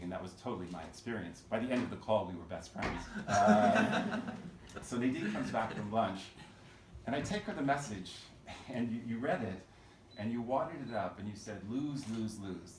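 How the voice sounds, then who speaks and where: A man from Oregon introducing a guest speaker with a casual story, halting and full of fillers and restarts. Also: fairly low pitch. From Oregon, USA. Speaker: event host introducing a speaker. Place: meeting room. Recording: roomy, distant, noisy room mic.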